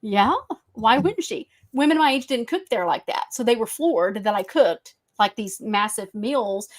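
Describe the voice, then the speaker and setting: A woman with a Texan accent hosting a casual live-stream chat, telling lively stories and acting out what people said. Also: medium pitch, moderate pace. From Texas. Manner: animated storyteller, acts out quotes. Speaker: podcast host.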